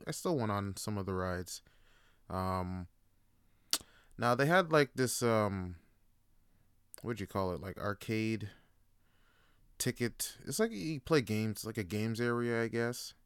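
A man hosting a show, telling stories in a relaxed, profane way with lots of fillers. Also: on the low side, measured pace, pauses often, smooth, no room sound. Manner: laid-back, profane, full of fillers like "like". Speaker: podcast host. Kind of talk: casual storytelling monologue.

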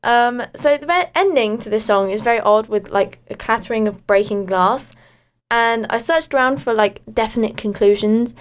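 A woman's voice: fairly high pitch, moderate pace. A teenage girl from Australia co-hosting a casual breakfast radio show, playful and self-mocking with frequent giggles.

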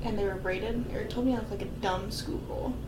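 A young woman co-hosting a casual podcast who laughs loudly and often and swears freely while chatting about a movie. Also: medium pitch, steady tone. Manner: loud, giggly, swearing, quick bursts of laughter. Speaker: podcast co-host. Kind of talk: casual chat watching a movie. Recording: echoey room with faint hiss.

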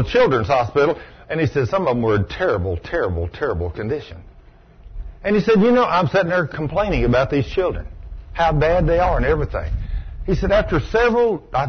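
A man preaching a sermon to a live audience, telling folksy stories and dropping into a low hushed voice for quoted lines. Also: husky, highs cut off. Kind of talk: sermon with storytelling.

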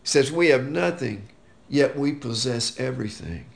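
A man teaching a verse-by-verse Bible study, quoting scripture with slow, emphatic stress. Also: mid-range voice, lively intonation, vocal fry.

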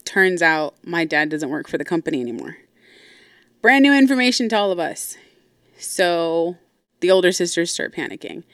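Woman, lowish voice, smooth, casual storytelling, blunt and profane, dry. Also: expressive, moderate pace, no room sound. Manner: blunt, profane, full of asides. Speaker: podcast host.

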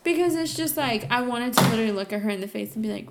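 Young woman, podcast co-host, casual chat, profane, animated storytelling, higher voice. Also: rapid-fire, creaky, very noisy.

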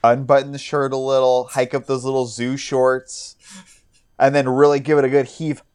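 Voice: medium pitch, level tone, darkish tone, clear, resonant tone. A podcast co-host chatting casually in a playful, joking way. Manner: playful, quick to laugh. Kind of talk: casual chat.

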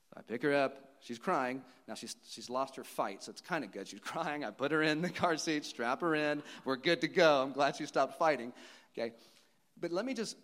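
Earnest man preaching a sermon. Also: a little high. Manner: earnest, personal storytelling with pauses and restarts. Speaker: pastor.

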